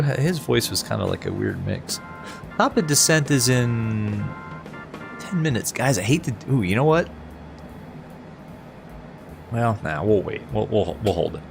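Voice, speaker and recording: A man's voice: on the low side, very animated, measured pace, creaky, pauses often, faint music behind. A man chatting casually on a flight sim live stream, self-deprecating and reading chat aloud, over a headset mic.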